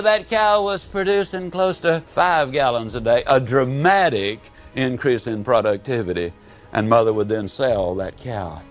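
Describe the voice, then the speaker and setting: A man giving a live motivational speech, telling folksy stories and swinging between booming and hushed delivery. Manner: folksy storytelling. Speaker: motivational speaker.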